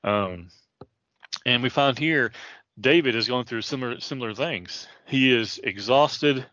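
A man in his late thirties teaches a Bible passage with a preacher's earnest, chatty delivery. His voice sits at a middle pitch, close and dry, on a slightly dull lo-fi recording. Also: a little slow, pushed and bright, no room sound. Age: 30s. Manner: casual and earnest, many fillers and restarts.

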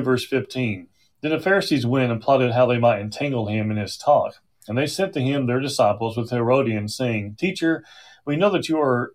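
A middle-aged male pastor leading a Bible study sermon, conversational with frequent restarts and asides. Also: medium pitch.

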